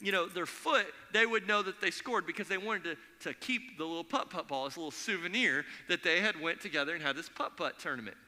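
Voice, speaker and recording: A man delivers a sermon in a church sanctuary, his voice high and sharply bright. He tells stories with energy and slips into the voices of the people in them. A long reverb from the hall trails each phrase. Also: brisk, few pauses. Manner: animated storytelling, acts out quoted voices. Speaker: pastor.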